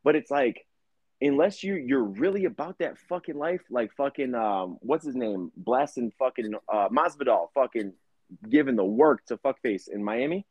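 Husky male podcast co-host, animated and profane, dry and slightly dull sound. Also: medium pitch, moderate pace, no echo. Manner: profane, animated storytelling with put-on quotes. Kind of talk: casual chat.

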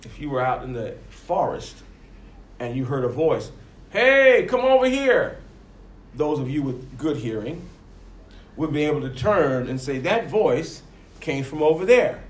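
A man's voice: medium pitch, a little slow, darkish tone, reverberant. A man preaching a sermon, rising and falling emphatically and acting out the voices he quotes.

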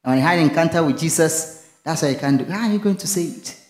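This pastor talks fast in a fairly high, darkish voice, the sound echoing around the room. He preaches call-and-response style, posing questions for the congregation to finish and mixing in local phrases.

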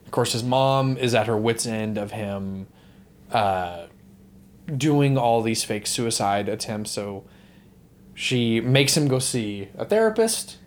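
A man's voice: medium pitch, lively intonation, slow, a little hiss or hum. Rambling young man on a podcast. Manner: rambling, swears, laughs often. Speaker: podcast co-host. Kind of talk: casual movie discussion podcast.

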